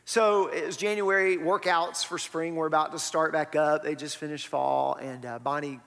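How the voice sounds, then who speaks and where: A man's voice: on the high side, fairly even intonation, moderate pace, vocal fry, a bit bright. A man, preaching a sermon in a conversational way and tossing rhetorical questions to the congregation. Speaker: pastor. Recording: long reverb of a church hall.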